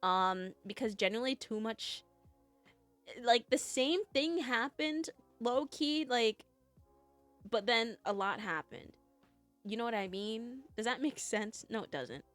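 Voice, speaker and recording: A young woman chatting with her stream viewers in a playful, giggly, self-mocking way. Her voice sits fairly high and swings lively up and down. Soft music plays faintly underneath. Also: measured pace, dry recording. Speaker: VTuber streamer. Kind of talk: casual chat with stream viewers.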